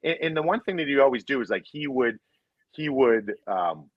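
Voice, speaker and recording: A man's voice: mid-range voice, expressive, moderate pace, slightly rough, dry recording, muffled recording. A man, a former hockey player, casually telling rambling locker-room stories full of restarts and swearing. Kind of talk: casual storytelling chat.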